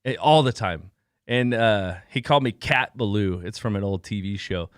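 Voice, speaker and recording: A man's voice: lowish voice, normal speed, clean tone, dry recording, studio quality. A man co-hosting a casual live-stream chat, telling stories with lots of laughter and acted-out voices. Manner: animated storyteller, laughs often, acts out voices. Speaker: co-host.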